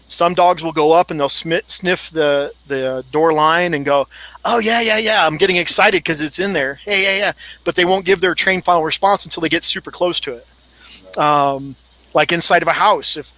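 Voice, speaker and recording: Bright, dry-voiced man explaining. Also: fairly high pitch, normal speed, no echo, rough recording. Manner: explains at length, acts out dog thoughts in quotes. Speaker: dog handling expert guest. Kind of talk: casual podcast discussion.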